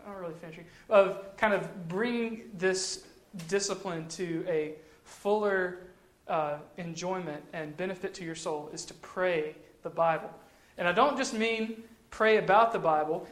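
A man's voice: high-pitched, a bit bright. A man giving casual devotional teaching, talking in a conversational way and repeating phrases for emphasis. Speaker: Christian teacher. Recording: echoey room.

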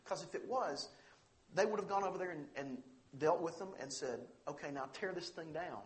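A man's voice: fairly high pitch, normal speed. A man preaching a sermon, earnest and emphatic, pressing hard on the scripture he reads out. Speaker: pastor.

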